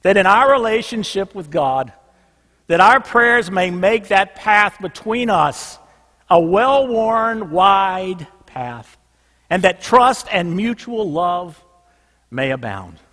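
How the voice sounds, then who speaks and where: A pastor with a notably high voice delivers a sermon, pressing each point with emphasis and then easing into a hushed, low refrain. His words ring out with a long reverb from a large church. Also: lively intonation, slow. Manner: emphatic, drops soft and low on a repeated refrain. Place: church sanctuary.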